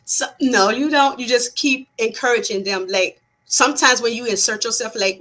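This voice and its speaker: A woman's voice: fairly high pitch, normal speed, few pauses, fairly bright tone, low-quality recording. A woman psychotherapist talking as a guest in a casual interview, earnest, with frequent restarts and repeated words.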